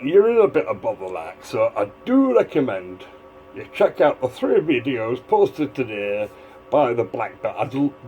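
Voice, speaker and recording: A man's voice: mid-range voice, very animated, a little slow, mellow, muffled recording, soft background music. A man giving a casual, rambling video commentary, drifting between asides. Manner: rambling, digressive, full of fillers and restarts. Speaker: vlogger.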